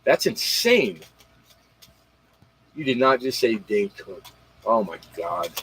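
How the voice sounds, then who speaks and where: A man's voice: fairly low pitch, sing-song, slow, fairly bright tone, a little hiss or hum, rough recording. A man hosting a casual late-night livestream, rambling in slang and talking straight to his viewers. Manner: rambling, slangy, talks straight to viewers, retells comedy bits. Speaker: livestream host.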